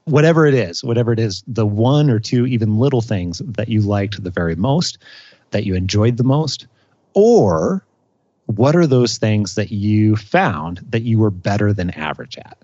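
A man's voice: lowish voice, sing-song, normal speed, warm tone, dry recording, highs cut off. A man talking as a career coach in a casual podcast conversation, explaining ideas energetically.

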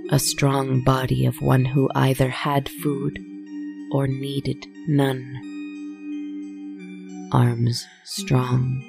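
A storyteller reading a dark tale in a slow, solemn, measured way. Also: medium pitch, creaky. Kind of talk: scripted story narration.

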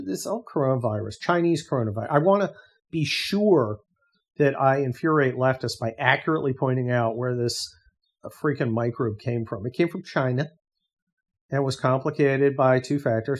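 Husky man on a profane sarcastic rant. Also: mid-range voice, darkish tone. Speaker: podcast host. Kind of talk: casual monologue.

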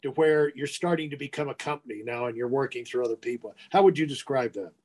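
A man hosting a podcast, asking long rambling questions with restarts and cracking quick jokes. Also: mid-range voice, a little mellow. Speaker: podcast host. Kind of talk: interview questions.

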